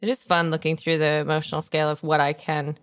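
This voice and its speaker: A woman playing a tabletop role-playing game, talking in an animated, giggly way. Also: deep voice, quick pace, clean tone. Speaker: player.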